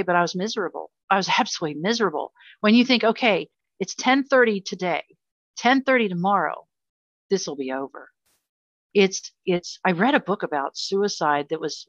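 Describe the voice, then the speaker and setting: A woman's voice: lowish voice, a bit bright, no room sound. A middle-aged woman talking as an interview guest, earnest and emphatic, speaking with passion about hard personal experiences. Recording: slightly dull lo-fi audio.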